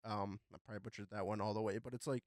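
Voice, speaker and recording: A young man hosting a podcast, chatting casually about gaming news with a relaxed, rambling delivery full of fillers. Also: fairly low pitch, very fast, dry recording, studio quality. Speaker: podcast host.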